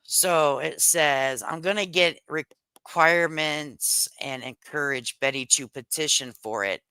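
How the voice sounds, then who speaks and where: A woman's voice: sits low, slow pace, pushed and bright, clear, resonant tone, no echo, poor audio. A middle-aged woman, chatting casually and laughing on a live stream, speaking into a headset mic at home. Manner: chatty, laughs often, Southern slang. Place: home kitchen. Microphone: headset microphone.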